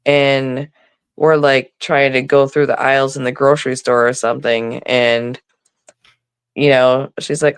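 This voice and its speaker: A woman's voice: rumbling low, level tone, unhurried, clear, resonant tone, dry recording. A middle-aged woman telling stories in a casual live chat, acting out the voices she quotes, on a phone mic. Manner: chatty storytelling, acts out quoted voices. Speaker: co-host.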